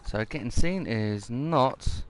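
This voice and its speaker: A man's voice: medium pitch, expressive, slow, slight background noise. A man giving casual, rambling gameplay commentary and reading mission text aloud.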